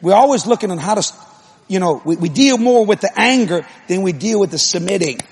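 A man preaching a sermon, moving between conversational asides to the congregation and loud, emphatic repeated lines. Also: high voice, expressive, brisk, a little hiss or hum.

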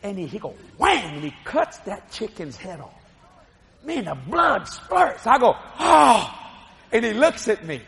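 A middle-aged man preaching a sermon, telling a story with animated, shouting delivery. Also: high-pitched, unhurried, creaky, big-room sound.

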